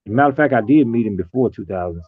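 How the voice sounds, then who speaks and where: A man talking casually and reflectively, telling stories in a relaxed colloquial way. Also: medium pitch, very fast, breathy edge, no room sound. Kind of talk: casual conversation. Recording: tinny phone-like line.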